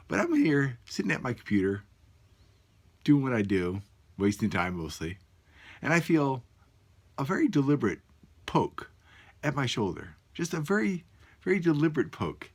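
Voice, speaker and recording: A man's voice: medium pitch, breathy edge. A man talking casually to the camera from his computer at home at night, amused and musing aloud. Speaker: vlogger.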